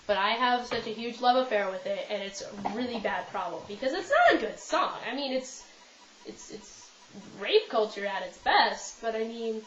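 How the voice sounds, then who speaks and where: A woman's voice: fairly high pitch, a bit bright, slight background noise. Rambling young Canadian woman vlogging. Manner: rambling, self-deprecating, with many ums and restarts. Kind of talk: casual chat to camera. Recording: roomy, slightly muffled home video.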